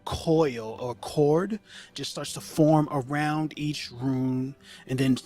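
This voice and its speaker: A man's voice: on the high side, slow, dark tone, faint music behind. A man narrating a tabletop game as game master in a loose, filler-heavy storytelling manner.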